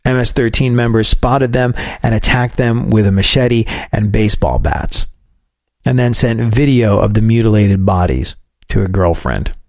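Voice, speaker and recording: A man's voice: lowish voice, moderate pace, a little mellow, no room sound, clean studio sound. A man from New York with a New York accent, hosting a commentary show in a sarcastic, wry way. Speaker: host.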